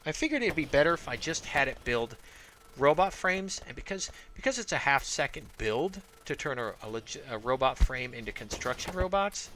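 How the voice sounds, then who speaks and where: A man's voice: mid-range voice, sing-song, moderate pace, sharp tone, a little hiss or hum. A man from Arizona giving casual let's-play commentary, rambling and thinking aloud with many fillers. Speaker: gameplay commentator.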